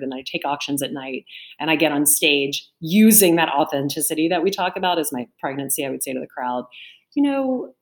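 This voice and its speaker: A middle-aged woman, an auctioneer and author, telling a lively anecdote in an interview over a video call and acting out what people said. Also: sits low. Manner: lively anecdotal storytelling, acts out quotes. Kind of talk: storytelling interview answer. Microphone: remote video call.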